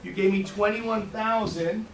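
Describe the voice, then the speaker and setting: A man giving an animated training talk to a room, storytelling and repeating his words. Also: sits high, unhurried, slight background noise. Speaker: financial services trainer. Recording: echoey room from far off.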